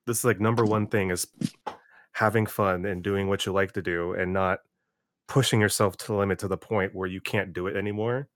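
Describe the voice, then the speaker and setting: Man, host, casual rambling interview talk, lowish voice, dry close sound. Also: brisk, dry recording. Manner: relaxed, rambling, many restarts.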